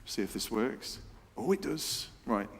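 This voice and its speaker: Playful preacher in a church hall. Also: male voice, mid-range voice, measured pace, vocal fry, slight background noise. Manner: playful, excitable, chatty. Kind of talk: lively church talk with a quiz. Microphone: handheld microphone. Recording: reverberant hall sound.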